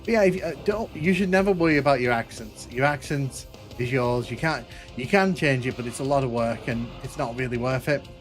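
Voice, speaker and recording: A man's voice: medium pitch, a little fast, few pauses, soft background music. A man with a northern English accent from between Manchester and Liverpool, chatting casually while streaming a game and answering viewer comments. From northern England. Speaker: gaming streamer.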